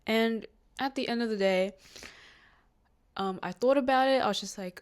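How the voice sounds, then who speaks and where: Her smooth voice is a little high and moves at normal speed. In a casual solo podcast monologue, the nineteen-year-old host talks in a rambling, heartfelt manner full of fillers and restarts, becoming emotional and nearly crying at moments.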